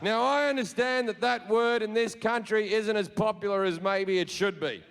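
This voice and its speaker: Brash, gravelly Australian comedian. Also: male voice, high-pitched, moderate pace, fairly bright tone. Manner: brash, profane storytelling. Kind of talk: stand-up comedy.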